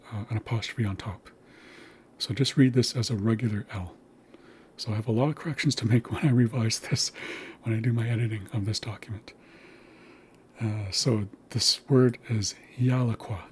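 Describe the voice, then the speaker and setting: A man's voice: medium pitch, a little mellow, husky. A man teaching a language lesson, patiently spelling out sounds and words.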